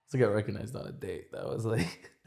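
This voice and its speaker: A man's voice: fairly low pitch, expressive, fast, creaky, mellow. A young man talking as a podcast guest in casual chat, rambling with many restarts. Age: young adult.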